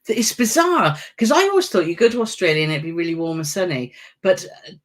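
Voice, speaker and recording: A woman's voice: on the low side, animated, fast talker. A woman co-hosting a travel live stream, chatty and enthusiastic as she reads out viewer questions. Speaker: travel vlog co-host. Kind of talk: casual live stream chat.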